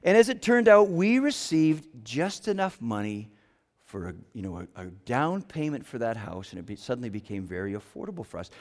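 A man preaching a sermon, telling a personal story and sometimes dropping to a hush for quoted lines. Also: medium pitch, very animated, a little fast. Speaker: pastor. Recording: long hall reverb.

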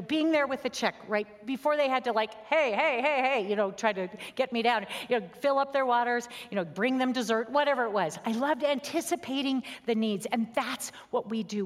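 Woman, sermon, earnest and conversational, fairly high voice, soft near-whispers, long hall reverb. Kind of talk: sermon with personal story.

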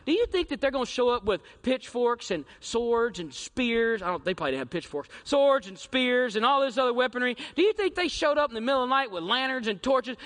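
A man preaching a sermon in a high, bright voice that rings through a church hall with a long reverb. He leans hard on rhetorical questions to the congregation and swings from shouts down to hushed near-whispers. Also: big pitch swings, brisk, hardly any pauses. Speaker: pastor. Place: church sanctuary.

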